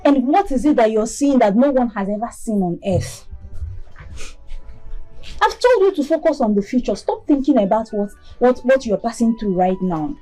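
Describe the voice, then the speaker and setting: A woman's voice: a little high, normal speed, soft background music. A woman playing a friend who comforts and chides in a film drama. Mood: chiding. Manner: comforting, chiding, lively. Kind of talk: Nollywood film acting.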